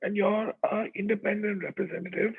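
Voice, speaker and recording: A man's voice: sits high, fairly even intonation, fairly quick, creaky, slightly rough. A man giving a chatty motivational talk over a video call, checking in with his audience as he goes. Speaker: motivational speaker. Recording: tinny online call audio.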